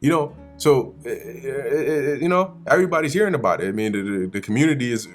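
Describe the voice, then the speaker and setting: Soft background music plays as a man delivers a slangy, animated Bible study commentary, frequently playing the characters himself. He talks at medium pitch and a quick pace.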